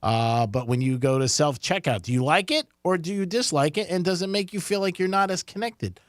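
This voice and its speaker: A man's voice: on the high side, fairly quick, dry recording, studio quality. A man co-hosting a casual radio talk show, easygoing and hesitant with fillers. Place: radio studio. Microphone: studio microphone.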